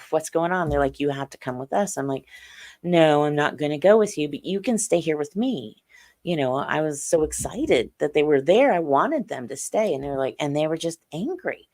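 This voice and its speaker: A woman's voice: low voice, a little mellow. A middle-aged woman, a podcast guest, telling her experiences in earnest detail. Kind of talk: interview on a podcast.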